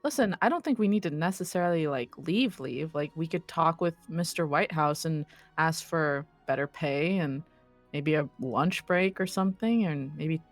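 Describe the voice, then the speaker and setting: A man's voice: on the high side, moderate pace, soft background music, lightly acted. Woman playing a tired working-class guard, hesitant, lots of filler words, everyday voice. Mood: earnest. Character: weary working-class man, a warehouse guard.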